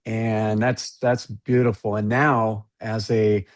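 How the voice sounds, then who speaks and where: A man's voice: on the low side, level tone, slow pace. A man hosting a podcast, asking questions and reacting with enthusiastic encouragement. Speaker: podcast host. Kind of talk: casual interview conversation.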